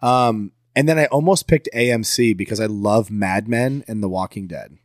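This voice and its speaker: A man's voice: on the low side, normal speed, dry recording, studio quality. A man co-hosting a podcast, chatting casually and with enthusiasm about old TV shows. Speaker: podcast co-host. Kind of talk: casual chat.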